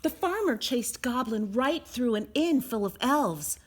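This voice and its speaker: A woman reading a children's picture book aloud as a storyteller, expressive and sing-song. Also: on the high side, a little slow.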